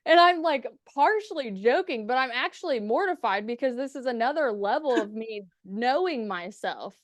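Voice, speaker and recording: A woman's voice: a little high, animated, normal speed, no echo, studio quality. A young woman telling stories as a podcast guest, candid and profane, acting out what people said. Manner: candid, profane, acts out quoted dialogue. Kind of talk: casual storytelling interview.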